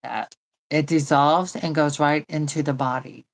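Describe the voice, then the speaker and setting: A woman's voice: deep voice, steady tone, measured pace, poor audio. A woman hosting a doll channel, chatting casually while she demonstrates.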